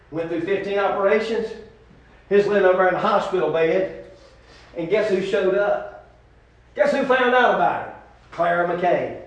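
Male preacher, high voice, shouting then hushed, recorded from afar in an echoey church hall. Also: far from the mic. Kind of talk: testimony sermon.

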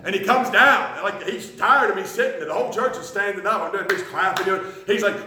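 A man preaching a sermon, impassioned, swinging from loud declarations to hushed lines. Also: high-pitched, fast talker, few pauses. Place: church sanctuary. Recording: echoey church hall.

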